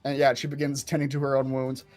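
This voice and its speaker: A man's voice: medium pitch, completely flat delivery, quick pace, darkish tone, faint music behind. A man narrating as game master in a tabletop game, speaking with frequent fillers and restarts.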